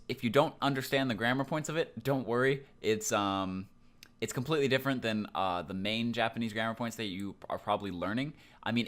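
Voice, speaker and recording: A man's voice: lowish voice, a bit bright. A young man teaching a casual Japanese grammar lesson, explaining loosely with plenty of ums and likes.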